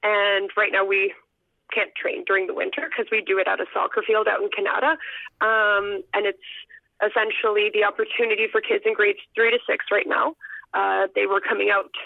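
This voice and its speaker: Gravelly woman on a tinny phone line. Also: mid-range voice, little pitch movement, moderate pace, dry recording. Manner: earnest, heartfelt, sometimes choked up. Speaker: guest, elementary school teacher and runner. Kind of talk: personal storytelling on a phone-in.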